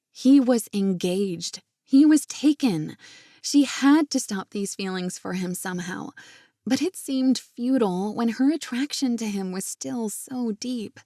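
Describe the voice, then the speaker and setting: A woman reads an audiobook with a steady, gentle storytelling delivery. Her voice is mellow and warm, recorded close and dry with no room sound. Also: a little high, a little slow, no room sound. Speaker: audiobook narrator. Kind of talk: scripted audiobook narration.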